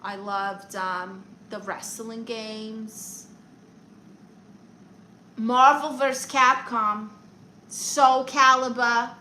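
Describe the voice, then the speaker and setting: A sassy comedian from Brooklyn, New York, chats on a live stream, reading viewer comments and firing back quick, playful comebacks in a New York accent. Her fairly high voice is pushed and bright with fairly even intonation, and the poor audio has a little hiss or hum.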